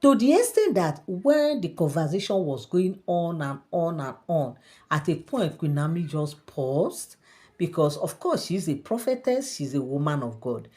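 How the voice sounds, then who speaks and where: A woman with a lowish voice talks her way through a story, chatty and repetitive. She leans on fillers like "eh" and "they said" as she goes. The tone is a casual vlog retelling. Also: sing-song, a little slow, warm tone. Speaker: gossip storyteller.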